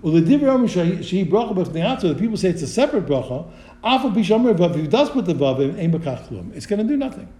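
A high, lively male voice with a dark, mellow tone leads a study lesson. He thinks aloud, restarting his sentences as he works through a question. The sound is roomy, with a clear echo. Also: fast talker. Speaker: Torah teacher.

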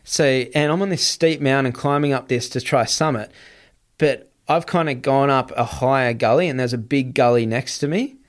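A man telling a wild story in casual chat, swearing often and running his sentences together. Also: medium pitch. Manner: swears freely, quick run-on telling. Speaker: guest.

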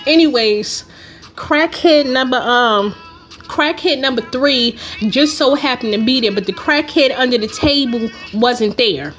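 Young adult woman, podcast host, fairly high voice, swears freely while telling a fired-up story. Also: a little slow, a bit bright, soft background music. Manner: profane, heated storytelling. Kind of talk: casual storytelling monologue.

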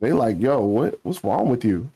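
A man's voice: medium pitch, big pitch swings, normal speed, creaky, dark tone. A man co-hosting a casual motivational podcast, talking bluntly and emphatically in heavy slang. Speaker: podcast co-host.

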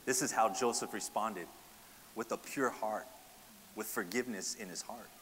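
A man's voice: on the low side, normal speed, a bit bright, big-room sound, slight background noise. A man preaching a sermon, asking the congregation rhetorical questions and often adding "right?". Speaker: pastor.

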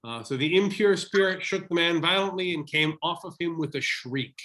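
A man's voice: fairly high pitch, moderate pace, pushed and bright. A man co-hosting a casual Bible study chat, playfully thinking aloud as he works through Greek words. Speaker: podcast co-host.

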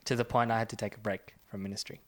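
In this faith conversation, a young church minister races through his earnest personal testimony. His voice is lowish and fairly flat in pitch, and he reads scripture aloud with increasing intensity.

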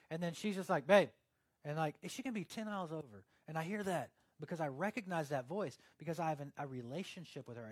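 A man's voice: on the high side, no echo. A young man preaching a casual, joking sermon, acting out little scenes as he goes. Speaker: pastor.

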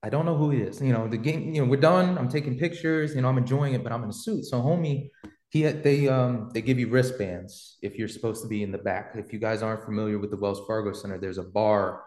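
A man's voice: mid-range voice, fast, darkish tone, echoey room. A man hosting a podcast and telling a story in a casual, slangy, rambling way, full of fillers. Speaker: podcast host.

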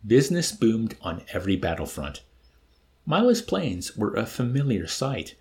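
Animated man reading a novel aloud. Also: on the low side, normal speed. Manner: animated, with amused asides. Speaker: reader.

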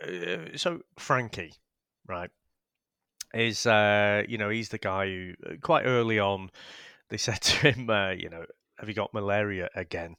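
A man's voice: lowish voice, animated, a little slow, sharp tone, clean tone, no room sound, studio quality. A man co-hosting a casual film review podcast, rambling and laughing as he talks. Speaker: podcast co-host.

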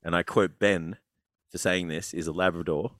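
A man's voice: low-pitched, fairly even intonation, a bit bright, dry recording, clean studio sound. An Australian man telling stories on a podcast, swearing freely. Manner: rapid, swearing storyteller. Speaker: podcast co-host. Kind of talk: casual chat.

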